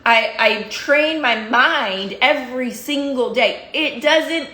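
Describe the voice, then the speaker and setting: A woman's voice: high voice, slow, sharp tone. Woman coach, emphatic motivational speaker who hammers points through repetition; recorded in a roomy, echoey space. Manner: fired-up, emphatic, repeats phrases for emphasis. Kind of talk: motivational talk to followers. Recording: roomy echo.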